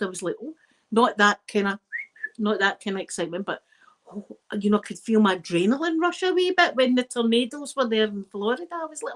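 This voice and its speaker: A Scottish woman chats away on a live stream, rambling from one thing to the next and throwing asides at her viewers. Her voice sits a little on the high side for a woman. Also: poor audio. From Scotland. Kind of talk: casual live-stream chat.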